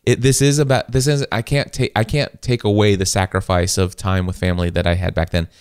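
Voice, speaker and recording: A man in his forties on a podcast, telling a family story in a lively way and quoting himself. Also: fairly low pitch, a little fast, smooth, no echo, studio quality. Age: 40s. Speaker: podcast host. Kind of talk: casual chat.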